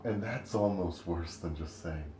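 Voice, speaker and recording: A man's voice: low voice, a little slow, warm tone. A young man in a casual podcast chat, teasing his friend with dry ribbing. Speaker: podcast co-host. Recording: echoey room with faint noise.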